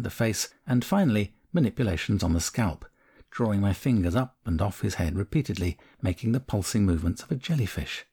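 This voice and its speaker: A man narrating a first-person memoir audiobook in a calm, measured, candid way. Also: fairly low pitch, slightly rough.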